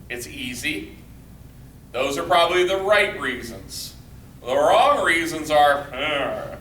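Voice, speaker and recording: A man's voice: a little high, a little hiss or hum. A man leading a corporate training workshop, speaking conversationally and acting out quoted lines. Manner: lively, conversational, acts out quotes. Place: large training room. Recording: echoey room from far off.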